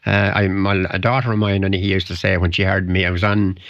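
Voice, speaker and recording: Deep-voiced and fast, an older Wicklow man from Ireland chuckles his way through rambling stories as a radio interview guest. His tone is fairly bright with little pitch movement. It's a dry, dull 1990 recording made in a radio studio.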